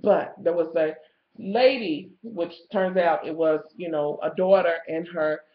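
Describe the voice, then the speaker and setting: A woman, telling a profane, animated story as a vlogger, swinging between loud outbursts and low asides. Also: measured pace. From Kentucky, USA. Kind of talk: ranting storytelling. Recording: echoey lo-fi home video.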